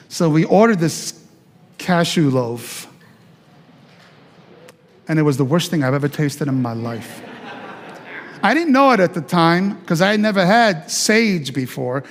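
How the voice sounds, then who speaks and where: A pastor tells his testimony from the pulpit with a man's somewhat high voice. He speaks as an animated storyteller and acts out the voices of people he quotes. His voice rings through the long reverb of a church hall. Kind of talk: sermon testimony. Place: church sanctuary.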